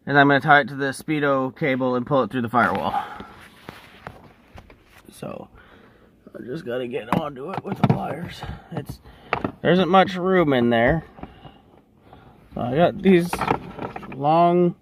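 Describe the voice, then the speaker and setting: A man's voice: medium pitch, a bit bright, slight background noise. Guy talking through a car job in his workshop, kinda rambly, mutters to himself, breathing hard, camera just sitting there. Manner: rambling, self-correcting, muttering asides while working. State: breathing heavily from physical work. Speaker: home mechanic demonstrating a repair. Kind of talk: casual how-to talk while working. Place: car workshop, working in and under a car. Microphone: camera set up alone with no operator.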